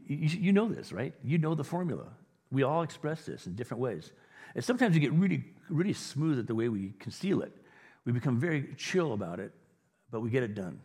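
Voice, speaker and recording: A man's voice: mid-range voice, sing-song, fairly quick, darkish tone, husky, big-room sound. A man preaching a sermon as pastor, talking to his congregation in a conversational way and acting out the voices of imagined people.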